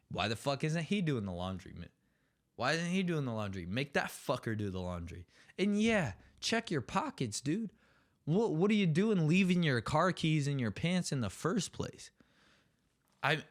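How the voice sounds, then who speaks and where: A young man hosting a solo comedy podcast, ranting sarcastically with plenty of swearing. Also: medium pitch. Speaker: podcast host.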